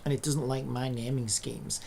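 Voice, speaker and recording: A man's voice: medium pitch, fairly even intonation, moderate pace, gravelly, a little mellow, a little hiss or hum. A man in a casual coding vlog who swears and rants in exasperation at his screen. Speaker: hobby programmer.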